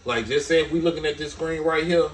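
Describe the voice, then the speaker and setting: A man's voice: a little high, quick pace. A man co-hosting a casual talk show who rambles, repeats himself and swears. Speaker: co-host. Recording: echoey room, distant mic, faint hum.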